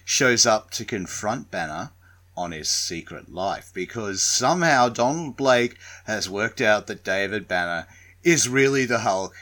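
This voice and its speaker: A man co-hosting a podcast in casual chat, swearing freely with animated asides. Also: fairly low pitch. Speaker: podcast co-host.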